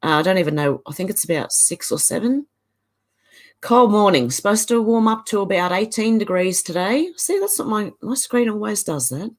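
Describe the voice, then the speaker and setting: An Australian woman hosts a casual livestream at a mid pitch. She chats freely, laughs often and drops in Aussie slang as she reads viewer comments aloud. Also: lively intonation, normal speed. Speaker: livestream host.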